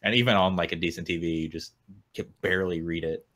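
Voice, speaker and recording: A man co-hosting a casual gaming podcast, telling a story in a relaxed way and laughing at himself. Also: low-pitched, fast talker, no echo, studio quality. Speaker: podcast co-host. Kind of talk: casual chat, anecdote.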